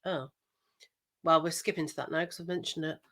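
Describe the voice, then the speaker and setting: A woman's voice: sits low, fairly even intonation, brisk, fairly bright tone, slight background noise. Chatty woman on a podcast. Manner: chatty, jumps between topics, laughs often. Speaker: podcast co-host. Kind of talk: casual chat.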